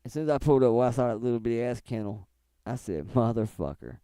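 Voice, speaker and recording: A man cohosting a casual stream chat, telling loud, profane stories and dropping into high mocking voices. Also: rapid-fire, smooth, no room sound, clean studio sound. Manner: loud, swearing storyteller who jumps into high mocking voices. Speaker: stream co-host.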